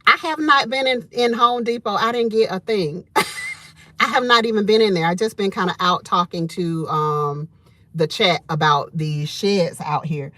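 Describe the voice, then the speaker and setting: A woman, hosting a live stream from outdoors in a parking lot and telling a story to her chat in an animated, chatty way with frequent laughs. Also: medium pitch, measured pace, dry recording. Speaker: homesteading channel host.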